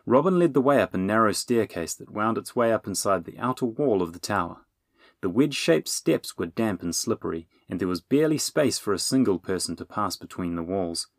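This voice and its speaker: A male audiobook narrator reading in a measured storytelling manner. His voice is low with a gravelly texture, and the recording is dry and close. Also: expressive, no room sound. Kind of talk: scripted narration.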